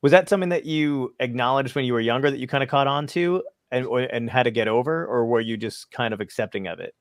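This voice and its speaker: A man's voice: mid-range voice, quick pace, no room sound, clean studio sound. A man hosting an interview, asking chatty questions and laughing along with his guest. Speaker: podcast host. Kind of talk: interview chat.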